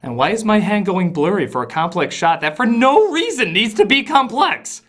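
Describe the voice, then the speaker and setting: A man narrating a comedy film review in a sarcastic, exasperated tone, his voice sitting fairly high. His pitch swings wildly from low mutters to high shouts. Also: very animated, moderate pace, soft background music.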